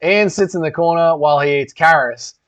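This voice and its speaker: A man's voice: on the high side, fairly quick, a bit bright. A man hosting a casual livestream, reading comments and rambling with lots of swearing. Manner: loose, rambling, swears a lot. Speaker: livestream host. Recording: dull lo-fi stream audio.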